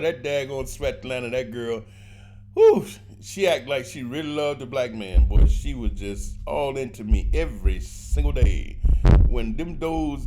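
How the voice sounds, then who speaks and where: Animated man telling travel stories. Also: mid-range voice, a little hiss or hum. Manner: animated, colloquial, laughs often, preachy asides. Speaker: vlogger giving travel advice. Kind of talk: casual storytelling monologue.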